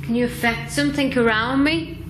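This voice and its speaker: A woman investigating a haunted building, calling out slow, coaxing questions to a spirit. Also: on the high side. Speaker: paranormal investigator. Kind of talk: ghost-hunting calls to spirits. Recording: noisy location recording.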